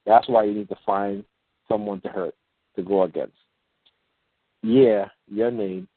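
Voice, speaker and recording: A man hosting a call-in show, explaining things in a rambling, halting way with many fillers and restarts, and reading example passages slowly. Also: lowish voice, dry recording. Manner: reads example passages aloud in a slow, measured way. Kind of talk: casual talk on a phone call-in show. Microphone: phone. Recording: tinny phone line, dry.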